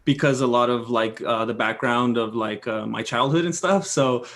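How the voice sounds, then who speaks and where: A man's voice: medium pitch, normal speed, fairly bright tone. A young adult man talking as a guest on a casual podcast, candid and self-deprecating in an easygoing way. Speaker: podcast guest, fellow creator.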